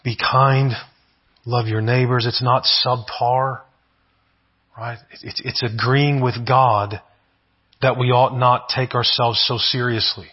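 A pastor preaching a sermon in an earnest way, often repeating words and asking "right?". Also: male voice, mid-range voice, steady tone, slow, slightly rough, lo-fi sound.

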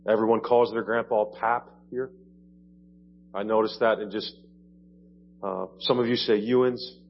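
A man from Ohio preaching a sermon in a church, explaining with conversational asides. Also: lowish voice. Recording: dull lo-fi church audio, faint hum.

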